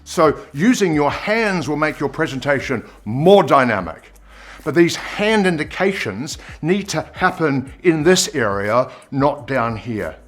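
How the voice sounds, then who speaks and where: A man giving an on-camera presenting lesson, expressive and demonstrating pitch and pace as he explains. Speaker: presenter coach.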